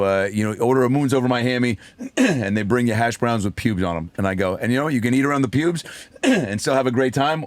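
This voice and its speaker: A man, a comedian, telling a story in a casual podcast chat, animated, acting out voices and swearing freely. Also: fairly low pitch, no room sound. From raised by a single mother. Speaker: comedian guest.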